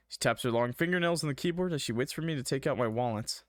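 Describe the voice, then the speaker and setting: A man's voice: mid-range voice, fast talker, hardly any pauses, dry recording, studio quality. A young man streaming a visual novel, reading the story aloud with a dramatic tone and breaking off for casual jokes. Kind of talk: reading a game aloud with jokey asides.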